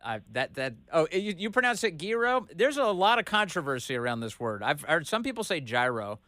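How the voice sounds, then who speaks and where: A man hosting a talk radio show, chatting casually with callers in a jokey, animated way. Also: fairly high pitch, brisk, dry recording. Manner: jokey, laughs easily, animated retelling. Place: radio studio. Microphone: studio microphone.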